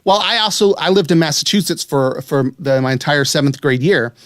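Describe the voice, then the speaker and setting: A man's voice: on the high side, brisk, fairly bright tone, dry recording, studio quality. A man from West Virginia co-hosting a podcast in casual chat, amused and spelling words out letter by letter. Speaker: podcast co-host.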